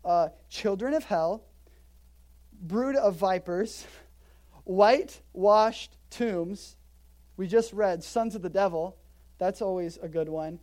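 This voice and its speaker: Mellow-voiced woman preaching a sermon. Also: medium pitch, slow, long pauses. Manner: conversational, joking asides and laughter; emphatic, lively delivery. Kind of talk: expository sermon. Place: church in Hawaii.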